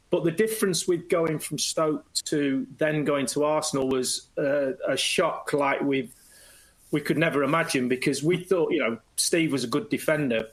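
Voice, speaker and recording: A middle-aged man, a former footballer, telling anecdotes as a guest in a lively way and slipping into quoted voices. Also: fairly high pitch, breathy edge, poor audio. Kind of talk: anecdotal storytelling.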